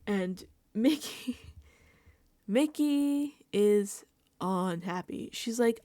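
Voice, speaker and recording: A woman's voice: medium pitch, animated, very slow, long pauses, dark tone, no room sound. A woman vlogger giving a casual reality TV recap, laughing often and dropping into whispered asides. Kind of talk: casual recap and reaction commentary.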